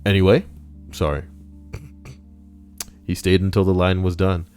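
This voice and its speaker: A man's voice: low-pitched, flat delivery, measured pace, darkish tone. A man hosting a countdown list, reading it in a casual way with sarcastic, jokey asides. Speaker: host. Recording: faint background music.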